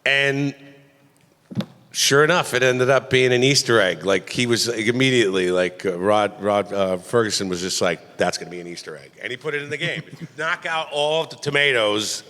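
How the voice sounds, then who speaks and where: A middle-aged man answering questions at a convention panel, animated and joking, rambling loosely with plenty of asides. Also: mid-range voice, moderate pace. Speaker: voice actor panel guest. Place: large convention panel hall. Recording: echoey convention hall.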